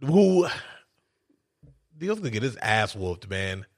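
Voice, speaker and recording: A man's voice: fairly low pitch, very animated, slow pace. A man chatting casually, cracking jokes and finishing his co-host's sentences. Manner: jokey, chimes in and finishes her sentences, laughing. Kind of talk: casual chat.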